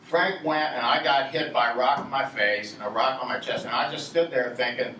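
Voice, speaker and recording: This Virginian's medium-pitched voice is sharp and fairly quick as he wanders through a digressive story before a live audience, chuckling at it himself. The sound is noisy, with room echo and a distant mic.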